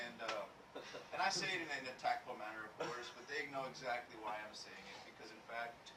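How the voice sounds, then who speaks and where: A man's voice: mid-range voice, normal speed. A man in a training class telling a casual story about managing staff, rambling and repeating words. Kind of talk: casual discussion. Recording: roomy, distant, noisy room.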